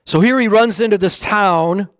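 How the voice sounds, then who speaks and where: A man preaching a sermon with animated storytelling who often corrects himself mid-phrase. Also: high-pitched, moderate pace, dry recording, studio quality.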